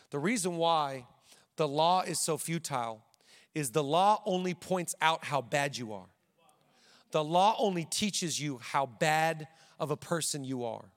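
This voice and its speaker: A man preaching a sermon as pastor, animated, with quick asides and playful asides to the crowd. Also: on the high side. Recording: long hall reverb.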